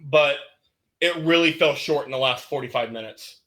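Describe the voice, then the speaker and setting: A man's voice: mid-range voice, moderate pace, fairly bright tone. A man co-hosting a movie podcast in casual chat, blunt and emphatic, swearing now and then. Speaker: podcast co-host.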